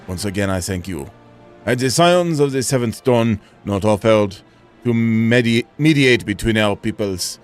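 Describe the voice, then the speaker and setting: A man's voice: fairly low pitch, close to an everyday voice. A man voicing a courteous male attendant, reading his game lines in a formal, solemn way.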